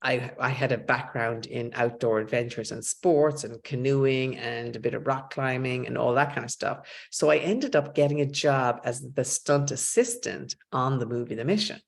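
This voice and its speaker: A woman's voice: very deep voice, normal speed, vocal fry, few pauses. A middle-aged woman, an author talking as a guest in a casual interview and telling stories, quoting other people's lines as she goes. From Ireland. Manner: animated storyteller, quotes others in dialogue.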